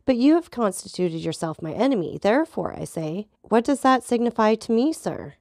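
A woman voicing a calm, ironic male journalist who replies in a deliberate, measured way, with a gravelly voice. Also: medium pitch, dry recording, clean studio sound, voice pushed up.

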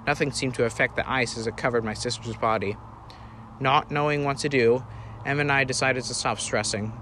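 A man's voice: mid-range voice, fairly even intonation, a little fast, bright, forceful tone, a little hiss or hum. Earnest man narrating a story. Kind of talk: first-person story narration.

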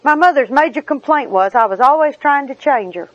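A woman's voice: high-pitched, animated, brisk, dry recording, muffled recording. A middle-aged woman, giving a personal recovery talk in a humorous, chatty storytelling manner with asides. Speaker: recovery meeting speaker.

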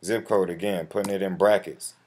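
A man's voice: low-pitched, steady tone, brisk, mellow, slight background noise. A man talking casually through a step-by-step online form, calling the viewer bro and swearing now and then, with typing and clicks behind him. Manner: slangy, addresses viewer as bro; profane when flustered. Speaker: tutorial host. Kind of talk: casual screen-recorded walkthrough. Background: keyboard typing and mouse clicks.

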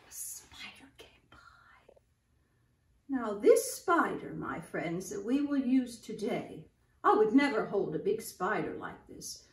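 An older woman leads young children through nursery rhymes in a high, very lively sing-song voice, taking her time. She sounds a little distant in an echoey room. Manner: animated, sing-song, talks to children as "my friends". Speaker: children's storyteller in costume.

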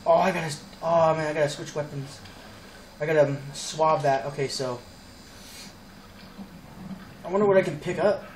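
A man narrates his own gameplay, swinging between excited outbursts and low muttering, with casual swearing. His voice sits high for a man. He sounds distant from the mic in an echoey space, with noise in the background. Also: moderate pace, pauses often. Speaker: let's play gamer. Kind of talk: game commentary.

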